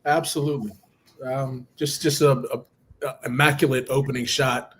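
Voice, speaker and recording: A man co-hosting a live stream, walking through comic pages in an even tone with many pauses. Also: medium pitch, breathy edge. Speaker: co-host. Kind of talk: describing comic art.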